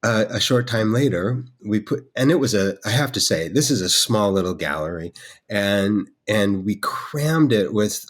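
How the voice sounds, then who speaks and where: Low-voiced man telling a rambling story. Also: expressive, unhurried. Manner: rambling, with many restarts and fillers. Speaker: guest artist. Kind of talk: storytelling in conversation.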